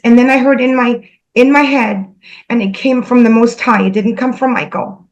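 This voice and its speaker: Earnest, halting woman telling a spiritual story. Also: a little high, steady tone, low-quality recording. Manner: earnest, halting, repeats herself, emotional. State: emotional. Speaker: spiritual channel host.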